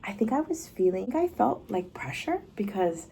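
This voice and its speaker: A woman's voice: mid-range voice, very animated, a little fast, vocal fry, dark tone. A woman vlogger chatting casually and rambling with lots of fillers while she drives, recorded on a phone. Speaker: lifestyle vlogger. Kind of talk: casual vlog storytelling. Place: inside a car while driving. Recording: car road noise behind.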